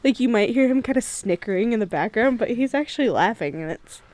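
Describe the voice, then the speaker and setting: A woman's voice: a little high, expressive, quick pace, darkish tone. A young woman co-hosting a podcast, teasing the others and laughing in casual chat. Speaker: podcast co-host.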